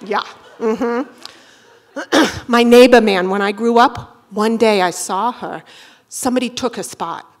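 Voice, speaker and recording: A woman telling a true personal story live on a theater stage. She tells it in a profane, animated, comic way, full of quick asides. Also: mid-range voice. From Boston area.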